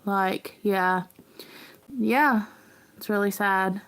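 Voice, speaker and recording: A woman hosting a casual livestream, talking in an earnest, rambling, halting way as a parent. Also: mid-range voice, steady tone, a bit bright, smooth. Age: adult parent. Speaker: livestream host.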